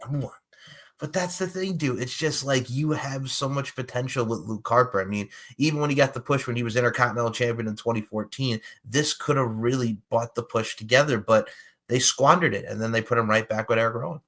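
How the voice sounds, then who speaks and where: Brief: New York man, podcast co-host, animated, laughs often, long excited takes. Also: medium pitch, brisk. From Long Island, New York. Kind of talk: casual wrestling discussion.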